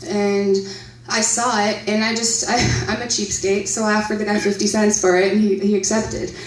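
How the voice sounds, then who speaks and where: A woman's voice: medium pitch, flat delivery, normal speed. A woman in her thirties, telling a story live to a convention audience, chatty, laughing often and asking the crowd questions. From Canada. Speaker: panel speaker at a horror convention. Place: convention centre hall. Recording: roomy, distant live hall audio.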